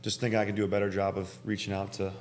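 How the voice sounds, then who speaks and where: A man's voice: on the low side, completely flat delivery, racing, a little hiss or hum. A young man answering as a guest in a casual chat, easygoing and agreeable, with lots of "yeah" and "like". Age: young adult. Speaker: college basketball player, guest.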